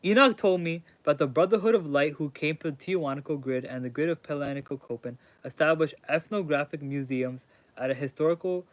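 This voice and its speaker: A man reading a book aloud haltingly on stream, breaking off to chat casually with his viewers. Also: a little high, no echo. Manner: reads haltingly, chatting with viewers. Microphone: mic crackles when he leans in.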